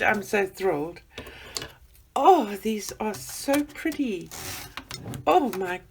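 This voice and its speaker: A woman chatting excitedly as she unboxes gifts for her vlog, gushing and gasping with delight. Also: mid-range voice, takes it slowly, vocal fry, pauses often, husky.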